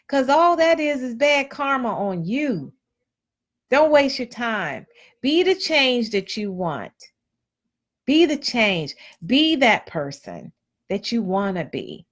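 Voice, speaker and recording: Woman host, measured pace, blunt motivational delivery. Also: a little high, sing-song. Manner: preachy and blunt, colloquial, repeats phrases. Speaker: host of a live motivational stream. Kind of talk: casual motivational talk.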